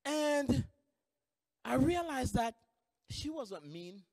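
Male trainer, high lively voice, animated storyteller, reverberant hall. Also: drawn-out words, studio quality. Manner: animated storytelling, many restarts. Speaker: employment trainer. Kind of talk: training lecture with stories.

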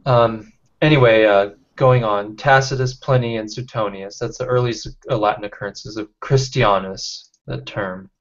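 A man leading a casual online study group, reading out chat comments and talking with halting restarts over a video call. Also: fairly low pitch, fairly even intonation. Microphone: computer mic on video call. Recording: dull lo-fi call audio.

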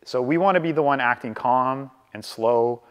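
A Canadian man giving a live real estate training over a video call. He talks conversationally, keeps asking "right?", and slows down on purpose to model calm. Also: medium pitch, long reverb tail, muffled recording.

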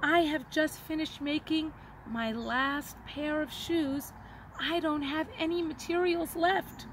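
A woman voicing a kindly, thoughtful young male shoemaker in a gentle, earnest tone. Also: high-pitched, steady tone, slow, a little hiss or hum. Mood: apologetic.

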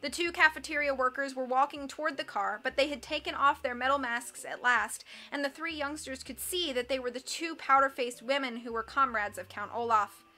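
A woman reading a storybook aloud in an expressive, animated way, acting out the characters. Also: high voice, brisk, hardly any pauses. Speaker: reader.

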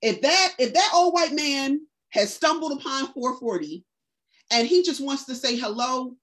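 A woman in her forties with a fairly high voice tells stories in a relaxed, colloquial way, like a guest at a book discussion. She slips into the voices of the people she quotes, and her pitch leaps when she does. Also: normal speed. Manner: casual and vernacular, acts out quoted speech with lively pitch jumps. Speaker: author and educator, discussion guest. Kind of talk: conversational storytelling in a book discussion.

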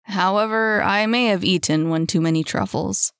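A woman's voice: moderate pace, smooth, no room sound, clean studio sound, lightly acted. Woman putting on a wry, modest young man. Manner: lowered, firm, gently teasing.

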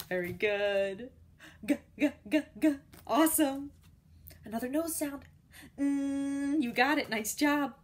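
A high-pitched woman teacher runs a phonics drill for small children, sounding out each letter and cheering them on. She talks at an unhurried, deliberate pace. A faint hiss sits under her voice. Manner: encouraging, cheerful praise.

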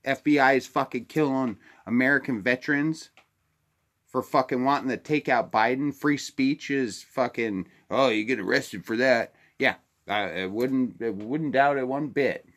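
A man's voice: medium pitch, unhurried, a bit bright. An older man from Alaska delivering an angry, profane political rant to his camera, sighing wearily between outbursts. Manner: angry, profane and ranting, with weary sighs. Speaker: vlogger.

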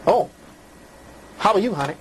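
A man's voice: sits high, lively intonation, normal speed, a little hiss or hum, low-quality recording. A man hosting a call-in show, ranting preachily at callers and crooning flirtatiously at others. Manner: preachy, rambling, hollering rants. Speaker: call-in show host giving readings.

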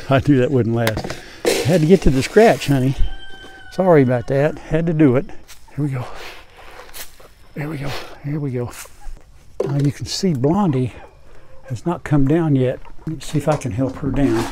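An older man speaks on a lapel mic outside by a chicken coop, in a mellow, warm voice. He talks casually and gently to his hens, often going soft and hushed to calm them. Clucking hens, a rooster and a faint hiss sit behind him. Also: medium pitch, normal speed. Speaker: farm vlogger. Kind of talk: casual farm vlog.

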